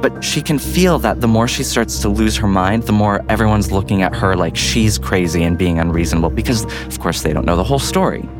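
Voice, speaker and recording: A man's voice: on the low side, a little fast, hardly any pauses, over music. A man narrating an improvised bedtime story in a rambling way full of fillers. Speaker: guest storyteller.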